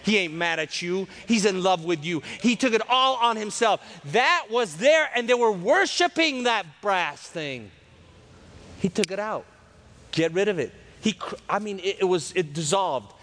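Man, high-pitched, folksy joking preacher, sudden loud bursts. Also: lively intonation, moderate pace. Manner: folksy, joking, drops into character voices, swings loud and soft. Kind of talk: lively sermon.

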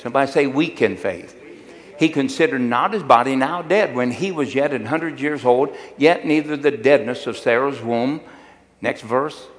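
A man's voice: mid-range voice, fairly bright tone. An older man preaching a sermon, folksy and humorous, telling personal stories and calling for responses from the congregation. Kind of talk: sermon with storytelling. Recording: long hall reverb.

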